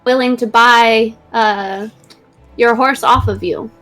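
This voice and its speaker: A woman's voice: fairly high pitch, fairly even intonation, slow, a bit bright, faint music behind. Woman player, chill and dry, bit of a laugh in it. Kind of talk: playing a tabletop game.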